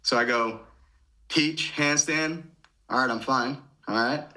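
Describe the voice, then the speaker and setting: Slow-paced and bright, with a pushed mid-range delivery, this Michigan man in his thirties tells stories as a podcast guest through poor audio. The former gymnast recounts what happened in a relaxed way, frequently voicing what he was thinking at the time.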